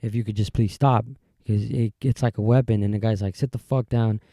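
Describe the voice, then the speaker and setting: A man's voice: lowish voice, fairly even intonation, brisk, dark tone, no room sound, studio quality. A man hosting a solo podcast, telling a story casually, with rambling asides and many fillers and restarts. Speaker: podcast host.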